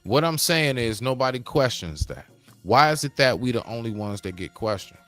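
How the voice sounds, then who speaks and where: A man's voice: medium pitch, sing-song, normal speed, fairly bright tone, faint music behind. A man from the United States hosting a livestream, talking straight to his viewers and chat in a casual, preachy monologue. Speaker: livestream host.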